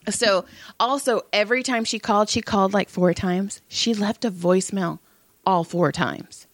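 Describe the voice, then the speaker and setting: Profane animated woman telling stories. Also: mid-range voice, normal speed, dry recording. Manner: profane, animated storyteller who acts out quotes. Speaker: massage therapist and podcast co-host. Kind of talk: casual storytelling chat.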